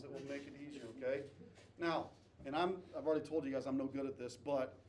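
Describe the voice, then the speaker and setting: A man's voice: on the high side, darkish tone. A male math teacher lecturing a class, repeating key points and checking in with "okay?". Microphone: distant camera mic. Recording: echoey classroom from far off, faint noise.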